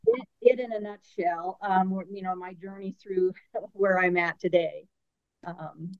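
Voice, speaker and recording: A woman's voice: on the low side, fairly even intonation, measured pace, dry recording. A woman guest on an interview, explaining her ideas earnestly and building her points through strings of questions. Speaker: guest expert on active aging. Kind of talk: conversational interview. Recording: slightly dull lo-fi audio.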